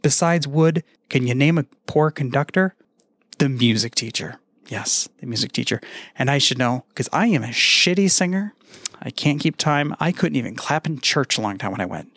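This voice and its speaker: A man recording a casual podcast message, telling groan-worthy puns in a deadpan, self-mocking way and swearing now and then. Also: medium pitch, moderate pace, dry recording, studio quality. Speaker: podcaster sending a tribute.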